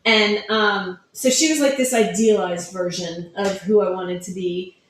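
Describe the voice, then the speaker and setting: A middle-aged woman author, appearing as a guest in a casual interview, chats about her writing in a medium-pitched, fairly even voice. She speaks unhurriedly and acts out her family members' lines as she tells her stories. The recording is very echoey and low quality.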